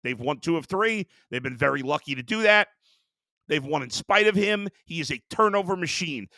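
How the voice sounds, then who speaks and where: A man's voice: a little high, expressive, moderate pace, bright, forceful tone, no room sound, studio quality. A man hosting a sports show, ranting in a heated, exasperated way about his team. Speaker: sports talk host. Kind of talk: sports rant.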